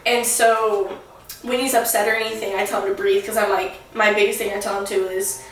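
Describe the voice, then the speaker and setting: A woman's voice: mid-range voice, flat delivery, a little fast, very echoey, far from the mic, slight background noise, rough recording. A woman in her twenties, a vlogger, talking candidly and rambling with lots of fillers while getting ready at home. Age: 20s.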